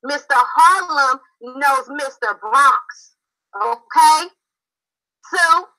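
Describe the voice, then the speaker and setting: A woman's voice: sits high, extremely slow, sharp tone, rough recording. A woman from Philadelphia on a live-stream call, confrontational, emphatic and repeating herself. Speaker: panel guest.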